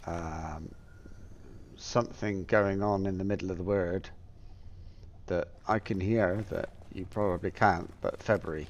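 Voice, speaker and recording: A middle-aged man from Plymouth talks to himself while he plays. His low voice wanders from thought to thought with plenty of ums and trailing half-sentences. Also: highs cut off, a little hiss or hum. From Plymouth, England. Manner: rambling, musing aloud with many fillers. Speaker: gameplay streamer. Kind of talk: casual gameplay commentary.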